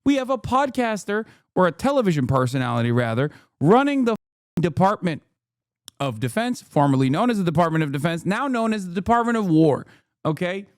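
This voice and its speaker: A man's voice: high-pitched, big pitch swings, fairly quick, no echo, clean studio sound. A man in his thirties streaming a reaction, ranting and mocking with a sarcastic edge. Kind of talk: live-stream reaction commentary.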